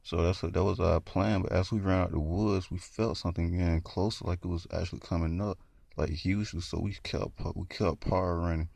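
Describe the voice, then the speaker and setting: A man's voice: deep voice, steady tone, brisk, gravelly, a little mellow, no room sound. A man telling a horror story in a casual, rambling way, full of fillers.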